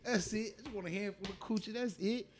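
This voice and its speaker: Man, high voice, fast talker, loud and boastful, crude casual podcast banter. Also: a little hiss or hum. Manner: loud, boastful, repeats himself for emphasis. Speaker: podcast co-host.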